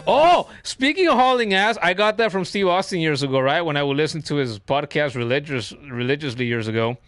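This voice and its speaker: A man's voice: fairly high pitch, lively intonation, a little fast, a bit bright, dry recording, faint music behind. A man in his thirties streaming a game, chatting in a rambling, profane way and telling funny stories. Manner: rambling, profane, laughing storyteller. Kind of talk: casual chat while streaming.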